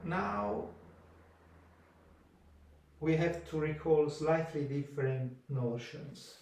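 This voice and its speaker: Slow, halting man lecturing from afar. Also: fairly high pitch, a little mellow. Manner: slow and halting, pausing between phrases. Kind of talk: mathematics lecture. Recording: echoey room, voice from far off.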